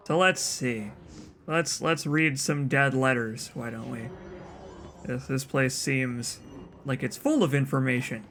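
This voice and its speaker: A man's voice: mid-range voice, fairly even intonation, slow pace, a bit bright, a little hiss or hum. A man hosting a let's play, giving casual, wry commentary with stammered restarts.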